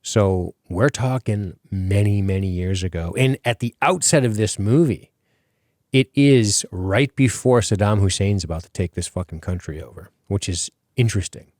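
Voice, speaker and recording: A man's voice: on the low side, moderate pace, a little mellow, no room sound, clean studio sound. A man hosting a podcast in casual chat, rambling with many fillers and casual swearing. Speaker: podcast host.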